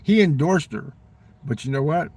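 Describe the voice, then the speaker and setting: A man with a smoker's rasp, rambling through a profane political rant. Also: on the high side, normal speed, darkish tone, recorded from a distance. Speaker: vlogger.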